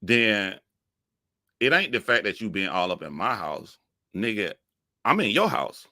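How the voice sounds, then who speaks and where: A man telling a profane comic story, animated and laughing, jumping up in pitch for emphasis. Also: a little slow, no echo, clean studio sound. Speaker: comedic storyteller.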